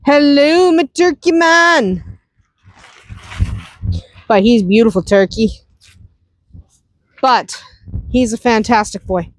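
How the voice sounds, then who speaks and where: A woman's voice: a little high, darkish tone, dry recording. A woman chatting through a casual farm vlog, outdoors on a windy farm, often laughing and talking to her animals. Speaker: homestead vlogger.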